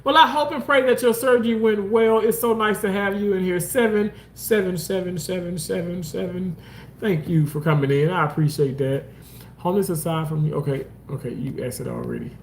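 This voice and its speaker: A man's voice: a little fast, vocal fry, slight background noise. A man hosting a casual livestream, reading comments and talking loosely, swearing often and jumping into exaggerated mock voices. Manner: animated, swearing, swings into high mock voices. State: homeless, says so. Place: outdoors park.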